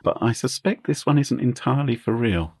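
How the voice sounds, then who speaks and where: A man co-hosting a podcast, chatting casually in a wry, joking way with quick asides. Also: medium pitch, animated, darkish tone, breathy edge, dry recording, clean studio sound. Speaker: guest co-host.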